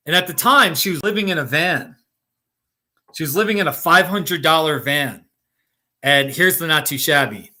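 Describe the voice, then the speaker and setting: Reading comments on a casual Colorado livestream, a middle-aged American man chats with viewers by name and laughs often. He speaks at a moderate pace in a voice on the high side, bright and forceful, with lively intonation.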